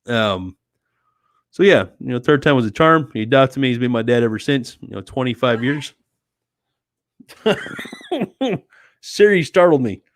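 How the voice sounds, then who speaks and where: He's an easygoing American hosting a late-night home stream, casually reading comments and answering with affectionate terms like "sweetie" and "dude." His medium-pitched voice is animated but a bit slow, with frequent pauses, and it comes across dry and near, with no echo.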